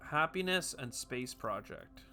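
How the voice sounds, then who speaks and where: A man giving casual, chatty commentary while playing a game, talking to himself with quick jokey asides. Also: on the high side, animated, bright, forceful tone, faint music behind. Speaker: gaming video host.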